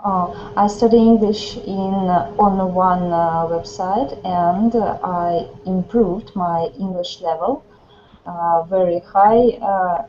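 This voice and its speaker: Slow, mellow-voiced female student. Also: on the low side. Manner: halting, many fillers. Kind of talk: online conversation class. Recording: muffled online call with faint noise.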